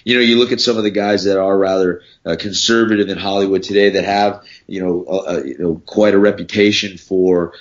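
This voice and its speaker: Deep-voiced halting podcast guest. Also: male voice, fairly even intonation. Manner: halting, with many fillers and restarts, dry humor. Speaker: guest, former Navy SEAL. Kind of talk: casual interview talk. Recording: dull lo-fi podcast audio.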